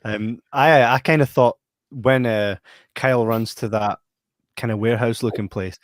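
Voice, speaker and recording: Excitable laughing man, dry close sound. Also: mid-range voice, normal speed, no echo. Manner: animated, laughs often, excitable retelling. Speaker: podcast co-host. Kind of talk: casual interview chat.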